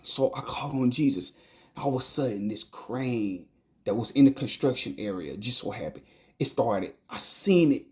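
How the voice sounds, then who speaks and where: Guy retelling a dream as a testimony, stumbles and repeats words, goes quiet and whispery sometimes. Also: mid-range voice, animated. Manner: halting, repeats phrases and stumbles over words; drops to a hushed whisper at tense moments. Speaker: person giving a testimony.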